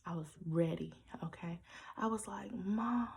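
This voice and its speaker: Young woman doing a storytime vlog, sassy and blunt, kinda low voice, talks slow. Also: fairly even intonation, warm tone, slightly rough, poor audio. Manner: blunt, sassy, addresses viewers as y'all. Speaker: vlogger. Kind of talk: personal storytime to camera.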